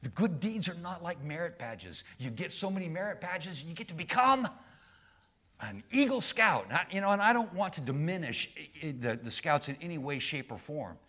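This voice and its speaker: A middle-aged man preaching a sermon as pastor, with frequent restarts, moving between loud emphatic peaks and quiet low asides. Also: lively intonation, fairly quick, few pauses. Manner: frequent restarts and repeated words.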